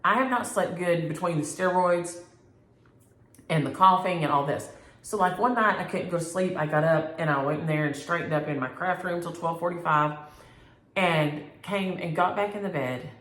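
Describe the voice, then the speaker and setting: A middle-aged woman, talking in a slightly low voice as she chats with viewers. She tells animated, playfully exaggerated stories. The sound is roomy, as if recorded in a live room at home. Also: moderate pace. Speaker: cross-stitch vlogger. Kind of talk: casual chat reading viewer comments.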